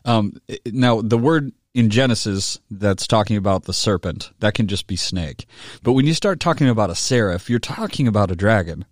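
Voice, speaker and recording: Male pastor, low-pitched, dry close sound, conversational sermon delivery with tag questions. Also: animated, moderate pace, no echo. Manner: rises in pitch and volume when reading a quoted book aloud. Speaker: pastor teaching a Bible study.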